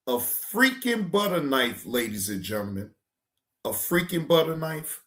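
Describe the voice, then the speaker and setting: A man hosting a reaction show, talking in a loud, profane, exclamatory way, often stammering and restarting. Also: fairly high pitch, very animated, measured pace. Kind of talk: casual reaction commentary.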